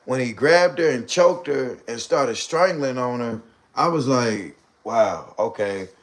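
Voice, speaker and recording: A man's voice: medium pitch, lively intonation, a little slow. A man talking casually on a live stream. He comments animatedly and repeats points for emphasis.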